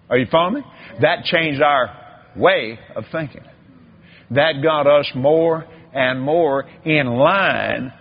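An older man preaches with a gravelly, husky voice that leaps up and down in pitch. He drawls, repeats himself for emphasis and leans into homespun stories. The recording sounds dull and lo-fi. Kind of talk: folksy sermon with storytelling.

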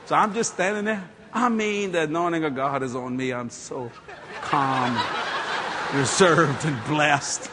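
A man preaching in church, telling a funny story in an animated, playful way and laughing often. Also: a little high, unhurried, noisy background. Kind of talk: humorous sermon storytelling.

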